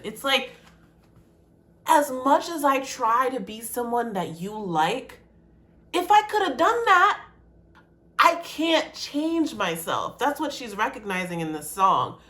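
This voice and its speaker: A woman's voice: sits high, sing-song, normal speed, pushed and bright. A woman poet reacting to a song in a casual video, emotional and repeating her phrases.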